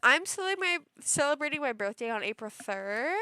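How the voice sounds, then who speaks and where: Gushing high-voiced young woman. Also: a little fast, hardly any pauses, smooth, no room sound. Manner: gushing, excitable, squeals over cute things. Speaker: vlogger. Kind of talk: casual chat.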